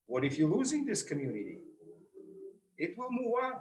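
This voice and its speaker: A middle-aged man with a heavy Russian accent gives an animated motivational talk, his fairly high voice swinging widely in pitch. He acts out the lines he quotes. The sound carries an echoey room. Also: moderate pace. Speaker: motivational speaker. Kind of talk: public speaking talk.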